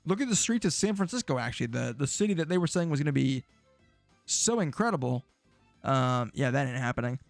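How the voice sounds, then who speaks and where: A man's voice: medium pitch, lively intonation, a little fast, gravelly, no room sound, soft background music. A man streaming casually, reacting to old predictions with jokey, sarcastic remarks.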